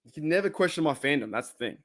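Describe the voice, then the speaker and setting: A man's voice: a little high, animated, fast talker, a bit bright. An Australian man hosting a casual live stream, talking bluntly and heatedly and swearing freely.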